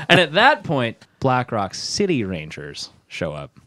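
Lively, laughing man telling a story. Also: mid-range voice, measured pace. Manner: laughing often, swearing, rambling. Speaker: guest storyteller. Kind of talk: casual podcast storytelling.

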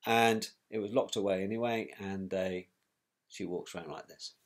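A man's voice: deep voice, moderate pace. A man recounting events about his brother, in a scornful, colloquial storytelling manner. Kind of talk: personal storytelling.

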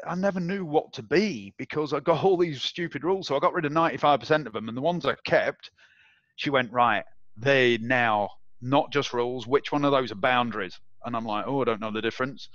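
A man being interviewed, telling a personal story in a casual, animated way and acting out the voices of others. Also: mid-range voice, fairly quick, no room sound. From England. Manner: animated, acts out quoted voices, swears and laughs. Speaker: interview guest. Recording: dull, dry audio.

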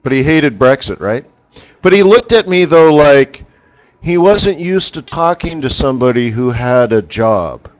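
A man's voice: mid-range voice, expressive, a little slow, lo-fi sound. A man hosting a live currency trading session, telling rambling anecdotes in casual chat and laughing at his own jokes. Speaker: forex market strategist hosting a live session. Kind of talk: casual live-stream commentary.

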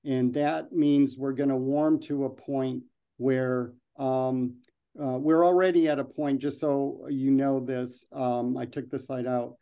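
A man's voice: mid-range voice, steady tone, takes it slowly, warm tone, clear, resonant tone, highs cut off. A man giving a slide presentation and then answering questions, talking loosely with frequent ums and restarts.

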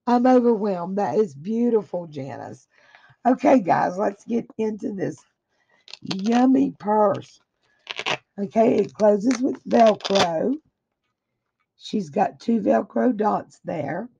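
A woman's voice: medium pitch, animated, takes it slowly, vocal fry, warm tone, slightly rough. A woman crafter in a casual unboxing chat, gushing with effusive praise while her throat is a little dry. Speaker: craft vlogger opening happy mail. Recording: dull lo-fi audio.

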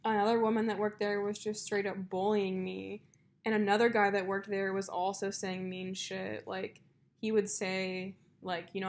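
A young woman co-hosting a casual podcast, spinning long stories full of "like" and "um". Her voice sits at a middle pitch and she talks in a loose, conversational way. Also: little pitch movement, moderate pace. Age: young adult. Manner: chatty storyteller, many fillers and likes. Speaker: podcast co-host. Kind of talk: casual chat.

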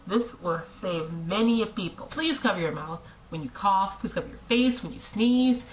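A young adult woman chatting casually to camera as a vlogger, exasperated and animated, with lots of rhetorical questions and frequent "like" fillers. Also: mid-range voice, moderate pace, a little hiss or hum, rough recording.

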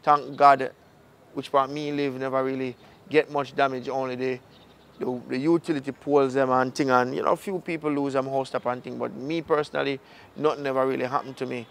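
Brief: Jamaican male host, easygoing outro chat, mid pitch. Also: a little fast, vocal fry, slight background noise. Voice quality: Jamaican patois phrasing, relaxed. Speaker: filmmaker and channel host. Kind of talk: casual outro talk to viewers.

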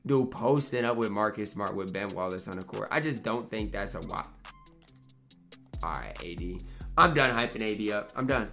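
A man's voice: fairly low pitch, animated, moderate pace, sharp tone, faint music behind. A young man commentating his own basketball video game match, ranting in frustration and talking to himself between plays. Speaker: gaming YouTuber. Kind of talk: live gameplay commentary.

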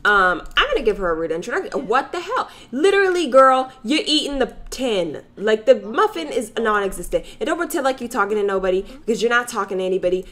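A woman giving sassy, joking commentary while playing a life-sim video game. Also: mid-range voice. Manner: sassy, animated, slangy and joking. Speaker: let's play gamer.

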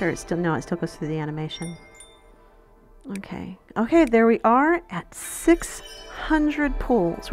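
A woman hosting a gaming channel, chatting straight to her viewers in casual game commentary. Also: fairly high pitch.

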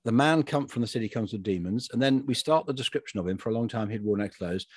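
A man with a slightly husky voice talks through a Bible story in casual conversation, his pitch rising and falling a lot. He thinks aloud, restarts sentences and chuckles now and then. The recording is dry and close. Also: animated, fast, no echo. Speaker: podcast co-host. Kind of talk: casual discussion of a Bible passage.

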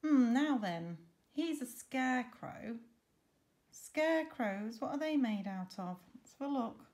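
A woman teacher reading a picture book aloud for story time, expressive and stopping to ask the children questions. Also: high voice, unhurried.

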